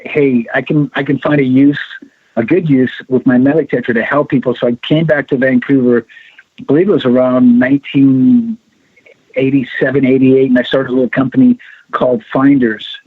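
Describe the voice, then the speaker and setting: Middle aged guy telling stories on the phone, kinda husky, dry tinny line. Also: mid-range voice, normal speed, no room sound. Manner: animated storyteller acting out quoted voices. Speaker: guest, founder of a ring-finding directory. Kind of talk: storytelling on a call-in radio show.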